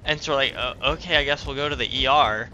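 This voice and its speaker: A man's voice: medium pitch, fast, pushed and bright, slight background noise. A man telling a rambling story in casual chat while gaming, packing his talk with fillers.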